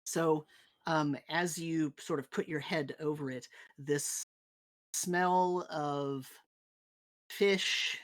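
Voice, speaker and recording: A woman narrating as game master of a tabletop game, halting and searching for words as she describes scenes. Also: deep voice, fairly even intonation, no echo.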